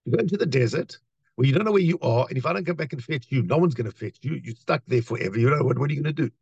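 A man giving a lively Torah talk, telling a story and acting out the voices of its people. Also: mid-range voice, rapid-fire, vocal fry, breathy edge, no room sound, highs cut off. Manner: animated storyteller, acts out voices, many restarts. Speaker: rabbi.

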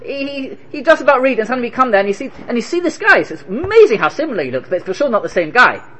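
A man giving an animated Torah lecture, firing rhetorical questions and telling stories. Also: very high-pitched, very fast. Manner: animated, rhetorical questions, Hebrew terms woven in. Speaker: Torah teacher.

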